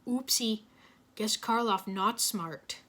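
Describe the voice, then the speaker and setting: A hulking male fighter speaks in slow, blunt, broken phrases with a thick accent, voiced by a woman. The voice stays bright and forceful and sits a little high. It sounds like a storybook reading. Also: exaggerated voice. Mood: gruff. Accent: thick foreign accent put on. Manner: blunt, broken grammar, refers to himself by name. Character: hulking brute fighter, man, broken speech.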